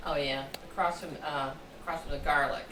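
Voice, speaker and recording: A woman's voice: deep voice, steady tone, brisk, sharp tone, slight background noise. A woman co-hosting, chiming in now and then with short agreeing remarks. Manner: brief agreeing interjections.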